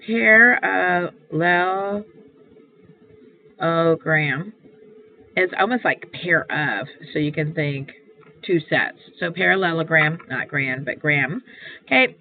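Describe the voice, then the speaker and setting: A woman math teacher walking through a homework assignment, explaining each step patiently and repeating key points. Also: on the low side. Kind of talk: homework walkthrough lesson. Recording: tinny phone-like sound, faint hiss.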